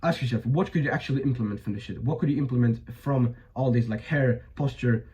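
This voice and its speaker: A man's voice: mid-range voice, fairly quick, a little mellow, muffled recording. A young man giving blunt, profane advice in a casual monologue, full of fillers and restarts, his voice a bit strained. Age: young adult. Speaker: vlogger.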